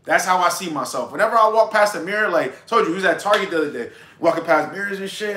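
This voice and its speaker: A man's voice: high-pitched, expressive, fast talker, hardly any pauses, fairly bright tone, roomy sound. A young man giving brash, profane dating advice in a casual livestream monologue.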